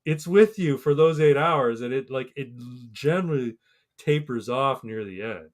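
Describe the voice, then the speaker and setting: A man's voice: medium pitch, lively intonation, normal speed. A man in his thirties telling a rambling, profane story on a casual podcast and acting out the voices of the people in it. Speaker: podcast co-host.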